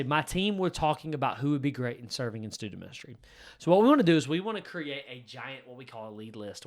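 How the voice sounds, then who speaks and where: A man who is a lead pastor, giving a blunt, emphatic teaching talk to other church leaders. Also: a little high. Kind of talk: direct-to-camera teaching talk.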